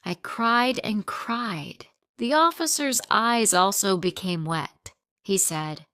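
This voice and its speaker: A woman narrating a simple audiobook story for English learners in short, steady, plain sentences. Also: medium pitch, slow, smooth, no room sound, clean studio sound.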